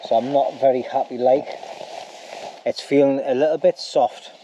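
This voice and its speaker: A man's voice: mid-range voice, steady tone, normal speed, dark tone, a little hiss or hum. Chatty lo-fi man at camp. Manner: chatty, rambling, says "like" at ends. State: snotty nose. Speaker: bushcraft vlogger. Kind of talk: casual camp vlog. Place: outdoor woodland camp.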